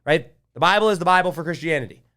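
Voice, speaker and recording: A man hosting his own show, excitedly retelling a business event and quoting others in a lifted voice. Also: a little high, very fast, clean tone. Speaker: podcast host. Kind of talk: energetic solo recap to camera. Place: home studio with glitching lights.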